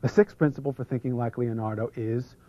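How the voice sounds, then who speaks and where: A man presenting an instructional seminar, energetically drawing out foreign terms for the audience to repeat and sometimes dropping to a hush. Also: medium pitch, fairly even intonation, brisk. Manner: drops to a hush for some passages. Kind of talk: instructional seminar talk leading audience repetition. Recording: muffled lo-fi video recording.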